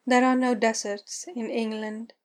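A woman voicing a tired, wistful British officer who speaks quietly and tersely. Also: a little high, level tone, unhurried, natural voice. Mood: weary quiet. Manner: quiet, terse, world-weary.

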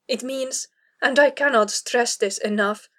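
A woman's voice: on the high side, unhurried, fairly bright tone. A woman voicing a proud, prickly young female warrior who talks in a clipped, exasperated way, as in an audiobook reading. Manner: clipped, exasperated, through clenched teeth. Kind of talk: audiobook reading of fan fiction.

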